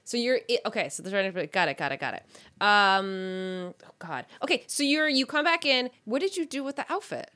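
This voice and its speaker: A woman's voice: mid-range voice, a little fast. A young woman co-hosting a casual podcast, asking pointed follow-up questions. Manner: probing, expressive questioner.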